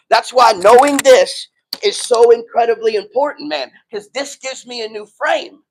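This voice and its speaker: A man's voice: very high voice, a bit bright, rough recording. A man preaching a sermon in a casual, emphatic way, often checking in with the congregation. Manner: emphatic, conversational preaching with frequent "right?" and "man". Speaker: pastor.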